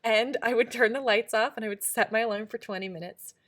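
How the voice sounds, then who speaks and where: A woman's voice: fairly high pitch, steady tone, fairly quick, fairly bright tone. A middle-aged woman co-hosting a podcast, talking in a casual, reflective way. She is earnest and emphatic, with many restarts and fillers. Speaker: podcast co-host.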